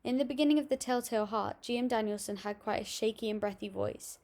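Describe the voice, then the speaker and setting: A young woman reading out a school assignment on voice techniques, steady and a little halting, with small restarts. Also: on the high side. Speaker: student presenting an assignment. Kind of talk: read-aloud school presentation.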